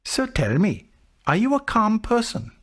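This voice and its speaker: A man voicing a calm, patient male Buddhist monk who teaches through gentle, measured questions. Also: high-pitched, pitched above the performer's own voice, heavily acted. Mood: patiently questioning.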